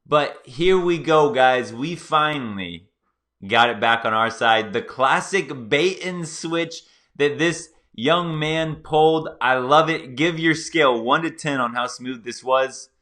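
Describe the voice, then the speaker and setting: A male host giving excited, playful reaction commentary on a clip, talking straight to his viewers. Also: mid-range voice, slow.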